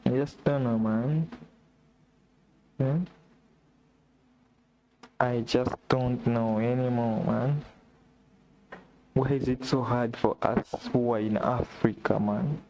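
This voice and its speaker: Slow, despairing man. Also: mid-range voice, steady tone, darkish tone, lo-fi sound. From Uganda. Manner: despairing, repetitive lament addressed to God. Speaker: vlogger. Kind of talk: live-stream monologue. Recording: noisy background with clicks.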